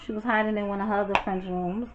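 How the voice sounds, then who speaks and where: A woman from Brooklyn, telling a story to her viewers in a chatty, animated and profane way. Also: mid-range voice, fast talker, muffled recording, noisy background. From Brooklyn, New York. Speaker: storytime vlogger. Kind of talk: casual storytelling.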